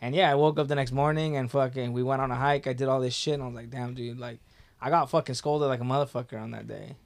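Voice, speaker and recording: A man's voice: medium pitch, fairly even intonation, fast talker, vocal fry. A young man telling a story in casual talk, laid-back and profane, with lots of filler words.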